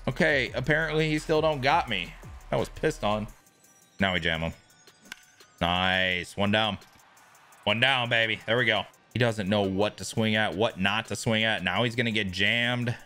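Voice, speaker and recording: A young man streaming a baseball video game, commenting casually, swearing and yelling at big plays. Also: on the low side, normal speed, soft background music. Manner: excitable, yells at big plays, swears, talks to chat. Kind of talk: live gameplay commentary.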